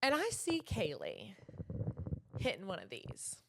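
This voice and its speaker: A woman's voice: medium pitch, measured pace, gravelly, noisy background. Girl co-hosting a podcast, chatty, acts out every line of dialogue. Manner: animated storytelling with quoted dialogue. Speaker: podcast co-host. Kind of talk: casual chat.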